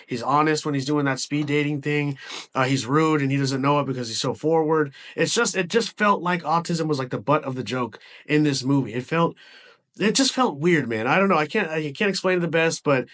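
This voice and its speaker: A man's voice: on the high side, brisk, a bit bright. A man giving a casual movie review, rambling with frequent restarts and casual swearing.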